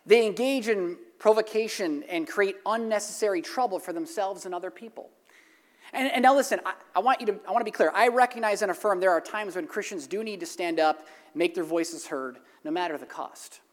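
A pastor preaching a sermon with emphatic, animated storytelling, often repeating key phrases. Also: medium pitch, brisk. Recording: long reverb of a large hall.

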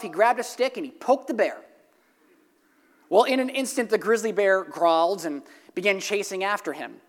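A pastor preaching a sermon with emphatic, animated storytelling, often repeating key phrases. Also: medium pitch. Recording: long reverb of a large hall.

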